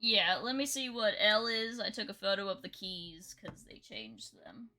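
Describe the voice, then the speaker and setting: A woman's voice: mid-range voice, lively intonation, normal speed, pushed and bright, faint music behind. A woman streaming a video game live, chatting playfully with her viewers. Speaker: gaming streamer.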